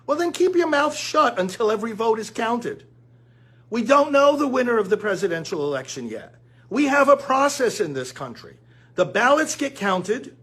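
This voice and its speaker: A man's voice: sits high, very animated, normal speed, a bit bright, husky. A man giving an earnest political commentary monologue straight to his listeners, calling them friends. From United States.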